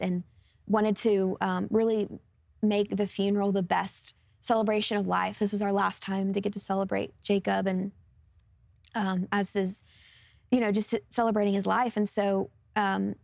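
A woman's voice: medium pitch, vocal fry, no echo, studio quality. A woman of about twenty, a guest singer sharing her personal testimony in an interview, speaking earnestly and openly with many fillers. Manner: earnest and open, with frequent fillers like "um" and "like".

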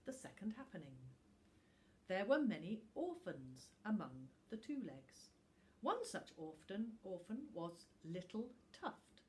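Woman, teacher, bedtime story read-aloud, calm gentle narration, dramatic pauses, slow unhurried pace. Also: mid-range voice, a little hiss or hum.

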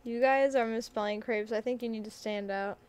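Young woman, high voice, casual stream chat, giggly, keyboard clacking. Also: a little fast, smooth. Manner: giggly, excitable, talks to chat. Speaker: game streamer.

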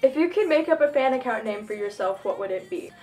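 A teenage girl chatting casually as a fan vlogger at home, answering questions and doing dares, giggly and excitable. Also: fairly high pitch, faint music behind. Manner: giggly and excitable, quick bursts of enthusiasm. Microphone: phone camera.

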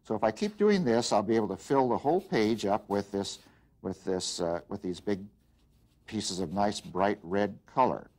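A man's voice: lowish voice, animated, a little mellow. Man explaining art while demonstrating. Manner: unhurried, explanatory, with frequent fillers and restarts. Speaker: art teacher. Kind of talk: demonstration lesson.

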